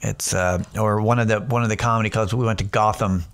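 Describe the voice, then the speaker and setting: A man's voice: on the low side, steady tone, a little fast, fairly bright tone. A man hosting a casual solo podcast, telling rambling, profane stories with lots of restarts. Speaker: podcast host.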